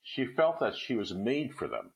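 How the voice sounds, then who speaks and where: A man reading a classic short story aloud with expressive literary narration. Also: mid-range voice, normal speed, creaky, rough recording.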